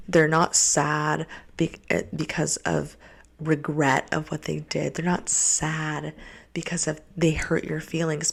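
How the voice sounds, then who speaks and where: Young female host, low gravelly voice, blunt and profane, casual advice rant. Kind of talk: casual relationship-advice monologue.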